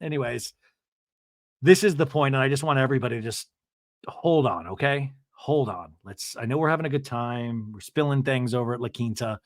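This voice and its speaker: A man's voice: medium pitch, brisk, dry recording, clean studio sound. A man hosting a comedic TV recap podcast, snarky and mock-dramatic in his delivery. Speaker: podcast host.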